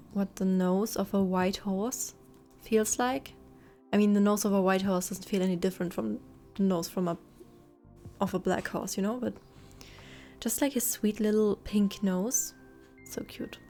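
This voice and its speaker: A woman's voice: mid-range voice, fairly even intonation, unhurried, pauses often. A young woman chatting casually and rambling while streaming a game. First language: German. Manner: chatty, rambling, soft asides to chat. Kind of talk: casual gameplay commentary. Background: faint game music.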